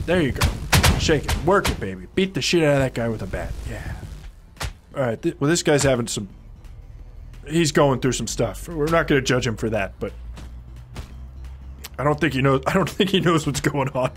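A man commentating his own gameplay live, swearing a lot and jumping between low grumbles and excited yells. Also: normal speed, over loud music. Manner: excitable, swings from low mutters to yelling; heavy swearing, playful trash talk. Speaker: game streamer.

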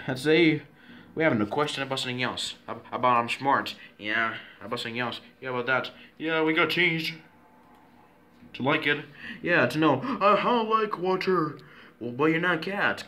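A man's voice: medium pitch, pushed and bright. Rambling, repetitive male voice in pretend play. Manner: rambling and repetitive, with many restarts. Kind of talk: playful pretend-play self-recording.

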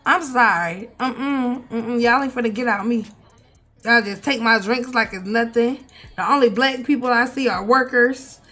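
A young woman, giving animated, swearing, mock-outraged commentary as she plays a life-sim game. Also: fairly high pitch, a little slow. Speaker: gaming streamer. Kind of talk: casual gameplay commentary.

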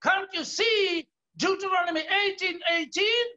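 High-voiced South African pastor preaching slowly. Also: male voice, bright, forceful tone. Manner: emphatic preaching, often raising his voice and stretching key words. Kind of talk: sermon. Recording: dull lo-fi sermon recording.

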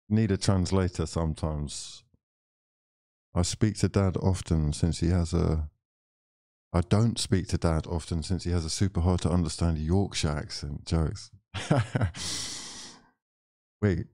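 A man's voice: deep voice, dark tone, no echo, clean studio sound. A young man hosting a football watchalong, reading out viewer messages and chatting casually, laughing often. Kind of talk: casual chat reading live chat.

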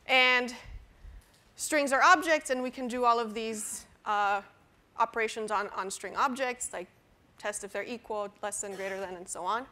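A woman's voice: on the high side, normal speed, sharp tone. A woman lecturing a university class on programming, explaining step by step with fillers and restarts. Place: lecture hall.

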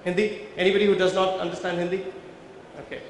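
A visual merchandising trainer lectures in a large, very echoey conference hall before a live audience, with faint background noise. His voice sits high with a level tone, and he talks fast. He explains step by step and keeps things engaging by quizzing the audience during the workshop.

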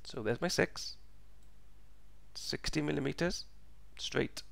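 A man teaching a step-by-step physics lesson, slow and patient, repeating each step, his voice croaky and going hoarse. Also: fairly high pitch, fairly bright tone, dry recording. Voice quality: gravelly, croaky.

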